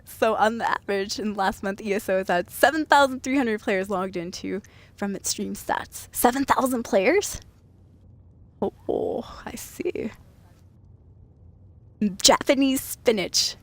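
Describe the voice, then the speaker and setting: A woman's voice: mid-range voice, measured pace, dry recording. A woman from Washington state chatting casually on a late-night gaming stream, laughing and thanking viewers by name. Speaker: game streamer.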